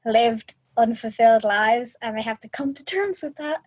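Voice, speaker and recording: A woman co-hosting a podcast in casual chat, animated and expressive. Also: fairly high pitch, normal speed, no echo. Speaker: podcast co-host.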